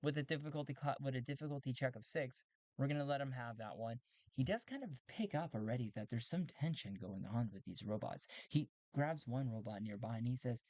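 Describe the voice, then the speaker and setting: A man's voice: mid-range voice, fairly quick, darkish tone, no room sound. A man playing a solo tabletop game, narrating as he thinks aloud, correcting himself often and laughing easily.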